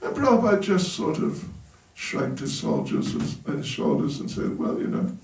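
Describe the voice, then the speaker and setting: A man's voice: high-pitched, wildly swooping pitch, moderate pace. A man, a monk, telling humorous stories in a sermon at a temple and chuckling at his own jokes. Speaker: monk giving a talk at a temple. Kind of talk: storytelling sermon. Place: temple hall. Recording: roomy hall, voice from a distance.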